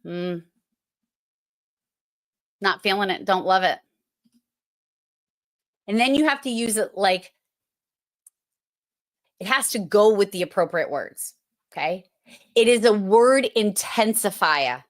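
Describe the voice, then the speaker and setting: A woman's voice: mid-range voice, lively intonation, slow, pauses often. A middle-aged woman, a host telling stories and giving a playful, chatty talk. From Massachusetts. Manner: storytelling, playful and chatty, with filler words. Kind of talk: casual presentation.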